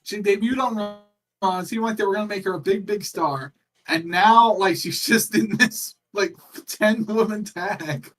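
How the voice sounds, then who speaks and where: Man, high voice, opinionated co-host, heard from a bit away from the mic. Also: a little slow. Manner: opinionated, animated, laughs often. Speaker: co-host on a wrestling watch-along stream. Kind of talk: casual livestream chat. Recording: voice sits distant from the mic.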